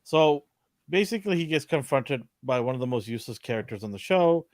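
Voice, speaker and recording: A man with a lively, up-and-down voice leads a loose chat, teasing his co-hosts and laughing between points. The sound is dry and close. He keeps the talk moving with quick prompts. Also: mid-range voice, no echo. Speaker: podcast host leading the discussion. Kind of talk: casual chat reviewing a TV episode.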